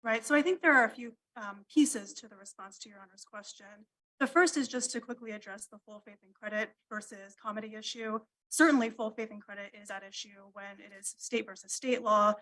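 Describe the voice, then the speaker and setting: A woman arguing an appeal before a panel of judges, measured and deferential in tone. Her voice sits a little high, and she fills pauses with ums. The sound comes from a courtroom livestream. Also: a bit bright, poor audio. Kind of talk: formal legal argument.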